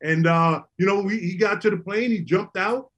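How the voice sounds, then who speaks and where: Husky high-voiced middle-aged man. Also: moderate pace, lo-fi sound. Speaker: former basketball player, recovery program founder. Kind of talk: casual storytelling.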